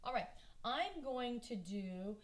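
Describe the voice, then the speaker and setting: A woman's voice: fairly high pitch, expressive. A woman with a Southern US accent, leading a kindergarten drawing lesson as an art teacher, patient and encouraging. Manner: patient, encouraging, speaks slowly to small children.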